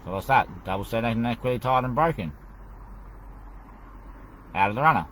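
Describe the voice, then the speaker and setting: A man's voice: mid-range voice, expressive, moderate pace, fairly bright tone, a little hiss or hum, low-quality recording. A man hosting his own show, talking in a loose, rambling solo monologue. He repeats phrases over and over and keeps calling the listener "mate". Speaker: podcast host.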